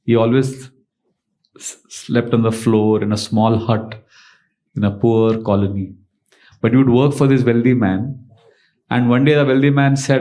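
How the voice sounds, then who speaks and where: A man's voice: medium pitch, level tone, unhurried, long pauses, warm tone. Man lecturing. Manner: storytelling, conversational lecturing with fillers. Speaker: monk and lecturer. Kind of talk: sermon.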